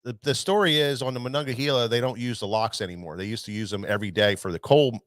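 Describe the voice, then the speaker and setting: A man's voice: mid-range voice, steady tone, fast, a bit bright, dry recording. A man who runs a tackle shop, telling a long fishing story in casual chat, rambling with many restarts. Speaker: tackle shop owner, show host.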